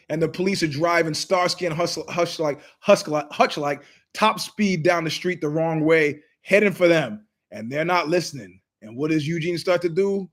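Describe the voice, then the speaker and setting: Telling a lengthy story on his own show, this middle-aged host speaks emphatically at normal speed with barely any pauses. His pitch sits high for a man; he wanders into side remarks and adopts others' voices when quoting them.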